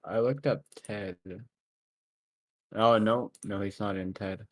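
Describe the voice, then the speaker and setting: A man's voice: lowish voice, steady tone, slow, no room sound. A young man co-hosting a live stream in casual chat, chuckling as he reads out long lists, with hesitant restarts. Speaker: stream co-host.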